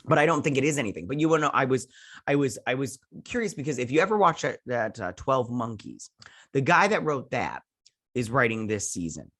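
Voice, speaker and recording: A man's voice: mid-range voice, big pitch swings, fairly quick, a bit bright. A man hosting a show, recapping an episode in a loose, rambling way, full of fillers and restarts, now and then slipping into goofy voices for quotes. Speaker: show host reviewing a TV episode.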